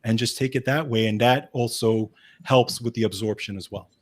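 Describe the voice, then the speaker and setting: A man's voice: mid-range voice, steady tone, moderate pace. Man, Brooklyn accent, wellness specialist, casual explanatory advice, restarts sentences. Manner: explanatory, with frequent "okay" and restarts.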